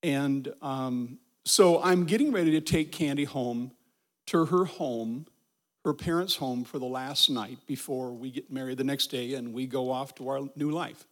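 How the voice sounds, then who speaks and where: A man's voice: mid-range voice, a little slow, fairly bright tone. A man telling a story about his wedding in a casual way, with many ums and restarts. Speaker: guest, husband telling a story.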